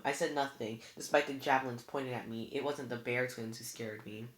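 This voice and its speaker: A reader narrating a novel aloud in a plain, steady way. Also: medium pitch, moderate pace. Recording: roomy echo.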